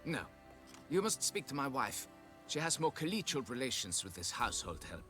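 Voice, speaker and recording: A pompous, lively-voiced nobleman. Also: medium pitch, moderate pace, soft background music. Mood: aloof. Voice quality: pompous, condescending. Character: pompous haughty middle-aged male vineyard nobleman. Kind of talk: video game dialogue.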